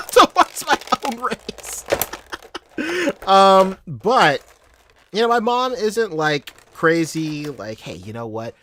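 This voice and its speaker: A man in his thirties from the Philippines, whose first language is Tagalog and who speaks with a Southern US accent, hosts a casual livestream, rambling, laughing often and swearing freely. His medium-pitched voice has a sharp tone over slight background noise.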